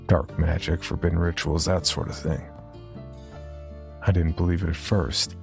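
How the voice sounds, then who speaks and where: A man's voice: low-pitched, gravelly. A man voicing a haunted, grieving mother who hitchhikes, speaking in urgent, clipped commands in a horror podcast narration.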